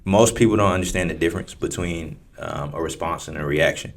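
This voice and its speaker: A podcast co-host with a low, brisk voice and vocal fry talks in a laid-back, rambling way, full of fillers.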